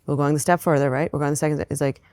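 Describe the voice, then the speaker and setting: A woman's voice: deep voice, little pitch movement, rapid-fire, darkish tone, dry recording, studio quality. A woman hosting an interview who talks playfully and plays devil's advocate with her guest. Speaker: podcast host. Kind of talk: interview conversation.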